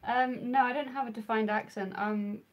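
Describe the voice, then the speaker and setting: A young woman from the English Midlands streams while drawing, casually answering her viewers' messages with plenty of ums. Her voice is on the high side and a little slow, and the audio sounds dull.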